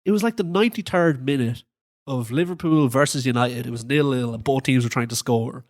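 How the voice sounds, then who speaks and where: A man co-hosting a casual football podcast, laughing often and going up in pitch when he gets indignant. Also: fairly quick. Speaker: podcast co-host.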